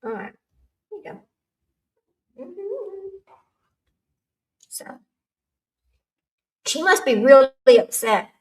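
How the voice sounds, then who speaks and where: A woman's voice: high-pitched, sing-song, extremely slow, long pauses. A woman, hosting a casual livestream chat, rambling and laughing often. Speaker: livestream host. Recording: echoey room, far from the mic.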